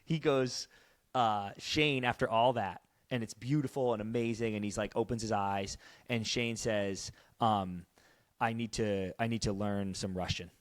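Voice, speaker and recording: A man co-hosting a podcast, excitedly recapping TV scenes in casual chat and often dropping his voice to quote characters. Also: measured pace, no echo. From Canada. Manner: excitable, quotes dialogue in lowered voice, says dude. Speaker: podcast co-host.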